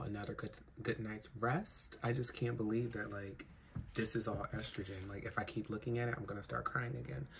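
A trans woman vlogging at home, worn out after crying, talking frankly and rambling with plenty of swearing. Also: extremely low pitch. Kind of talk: casual vlog chat to camera. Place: home in a big city. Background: faint city noise.

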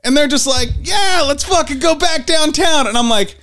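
A man's voice: extremely high pitch, moderate pace, bright, forceful tone. A man co-hosting a podcast, telling a profane story in casual chat and acting out his friends' lines. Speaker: podcast co-host.

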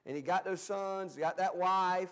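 A pastor preaching a Bible study sermon in a folksy, plain-spoken way, swinging between loud emphatic bursts and quiet asides. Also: male voice, high voice, fairly even intonation, measured pace.

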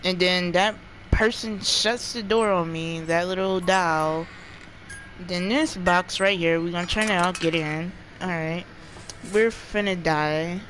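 A gaming streamer giving live commentary while playing, jumpy, often yelling and laughing and talking to the chat. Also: medium pitch, steady tone, measured pace, a little hiss or hum, rough recording.

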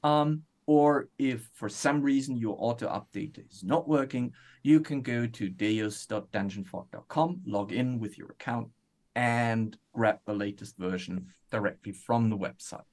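Relaxed male developer explaining updates. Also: mid-range voice, a little slow. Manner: relaxed, explains plainly, many ums. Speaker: developer guest on a product stream. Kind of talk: casual explanation.

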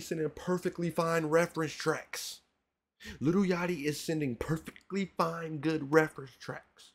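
Animated man ranting in a music reaction. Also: on the high side, a little slow, creaky. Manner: animated, mock-outraged rants with slang. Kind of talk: casual reaction commentary.

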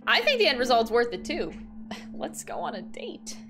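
A young adult woman giving casual, excitable, sweary gameplay commentary as a streamer. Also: on the high side, moderate pace, over music. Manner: excitable and sweary, laughing often and switching between voices. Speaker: gaming streamer.

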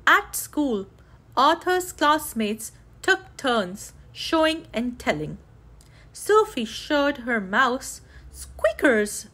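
A woman reading a children's book aloud, bringing the characters' lines to life with excitement. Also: high voice, drawn-out words. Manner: lively, voices characters' lines with raised excitement. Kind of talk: read-aloud storytelling.

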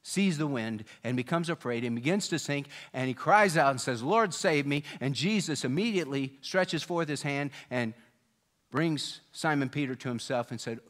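Pastor, male, mid-pitched voice, storytelling sermon delivery, animates quoted speakers. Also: moderate pace, fairly bright tone. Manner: storytelling, voicing quoted people with rising pitch and volume.

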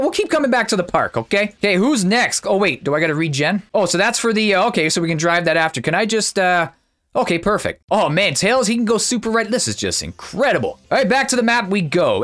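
Seated at his computer with a desk microphone, a gaming YouTuber narrates his video game play in a high-sitting voice. He's chatty and easily excited, bursting into exclamations throughout his relaxed commentary.

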